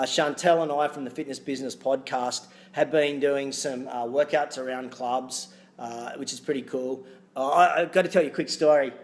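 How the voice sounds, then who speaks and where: Upbeat Australian man, slightly high voice. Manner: upbeat, energetic motivational talk with punchy asides. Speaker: fitness business coach and show host. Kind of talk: solo video podcast, direct to camera.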